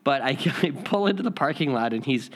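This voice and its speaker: A man's voice: medium pitch, lively intonation, brisk. A man hosting a spiritual lesson, telling a rambling personal story with many restarts and repeats before reading.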